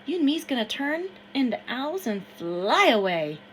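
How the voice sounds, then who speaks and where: A woman voicing an excitable runaway man who hollers and hoots in dialect. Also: high voice, normal speed, slight background noise, pitched above the performer's own voice. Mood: hollering wild. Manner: loud, hollering, dialect speech.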